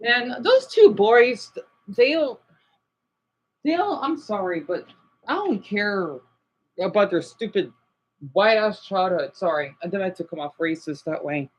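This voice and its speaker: A man's voice: high voice, animated, a little slow. A man livestreaming and chatting with his viewers in a rambling, upset way, with many restarts and apologies. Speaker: livestreamer reacting to videos.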